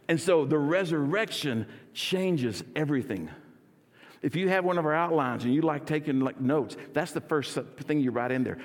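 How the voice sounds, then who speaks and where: Energetic pastor in a reverberant church. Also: male voice, medium pitch. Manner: energetic, leads congregation in call and response. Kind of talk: sermon. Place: church sanctuary.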